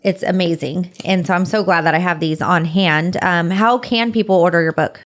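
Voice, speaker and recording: A woman's voice: lowish voice, normal speed. A woman hosting a podcast interview, encouraging her guest with frequent short affirmations. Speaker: podcast host. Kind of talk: conversational interview.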